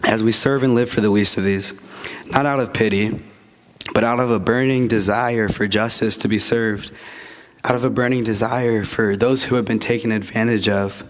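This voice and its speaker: A man preaching a sermon to his congregation, earnest, with frequent restarts, and slowing down to stress key phrases. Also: on the low side, steady tone. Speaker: pastor.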